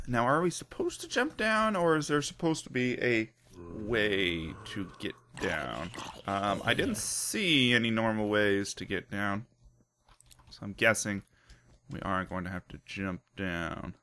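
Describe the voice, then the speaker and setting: A man hosting a let's play who gives casual, excitable commentary with lots of laughs and jokes at his own expense. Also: on the low side, slow. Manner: excitable, self-mocking, laughs often.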